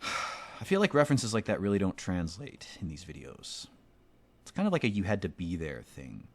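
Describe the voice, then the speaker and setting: At a normal speed but with huge swings in pitch, a low-voiced let's play commentator keeps up casual, rambling gameplay talk laced with profanity and sardonic humor.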